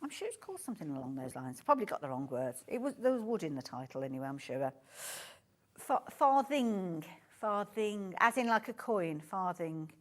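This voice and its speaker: A woman's voice: low voice, sing-song, fast, few pauses, a bit bright. Chatty Brummie woman selling fabric. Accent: Birmingham. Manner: chatty, gushing, self-interrupting. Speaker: shopping channel presenter. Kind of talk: live shopping presentation. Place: TV studio.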